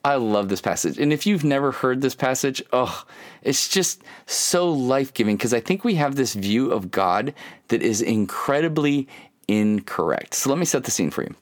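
A man in his thirties preaching in an easygoing, conversational way. His pitch swings widely as he acts out the voices in his stories, and he leans on filler words. He sounds animated and personal. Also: moderate pace. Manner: animated storytelling with many filler "like"s and acted quotes. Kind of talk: conversational sermon.

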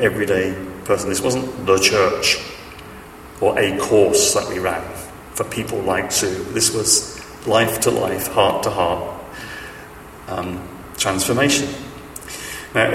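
A man preaching in a chatty, storytelling way, stumbling through fillers and restarts with a wry, self-mocking humor. His fairly low voice carries through a long-echoing church hall, picked up from a distance, with a faint hum of room noise beneath. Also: fairly bright tone. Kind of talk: sermon with stories. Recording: echoey hall, speaker off-mic.

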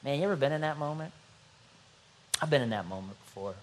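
A middle-aged man preaching a sermon as pastor, animated and playful, acting out little scenes. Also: fairly high pitch, quick pace.

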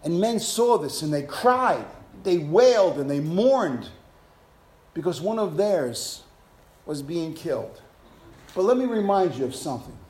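A man preaching a sermon as pastor, rising from calm explanation into fervent, shouted exhortation. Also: on the high side, a little slow. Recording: echoey room.

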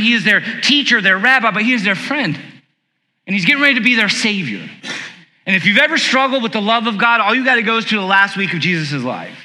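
High, bright-voiced man preaching in a hall. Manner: conversational preaching, rhetorical questions, slows on key words. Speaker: pastor. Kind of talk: sermon. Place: church sanctuary. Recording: long hall reverb.

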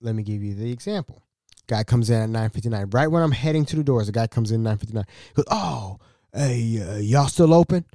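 A man hosting a podcast, telling a workplace story in an animated, slangy way and acting out the dialogue. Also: lowish voice, quick pace, no echo, clean studio sound. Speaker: podcast host.

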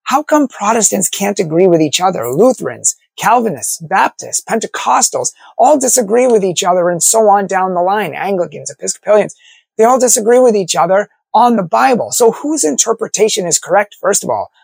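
A man's voice: high voice, animated, normal speed, gravelly, darkish tone, breathy edge, no room sound. A man, a Catholic apologist, delivering an argumentative monologue full of rhetorical questions. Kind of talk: opinion monologue to camera.

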